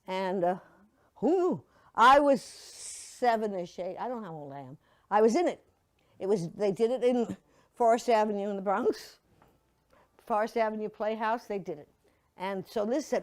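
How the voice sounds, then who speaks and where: A woman's voice: mid-range voice, lively intonation, moderate pace. An older woman telling stories to a church audience in a chatty, playful way, slipping into mocking put-on voices. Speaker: speaker giving a memorial slideshow reflection. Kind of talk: casual storytelling to an audience.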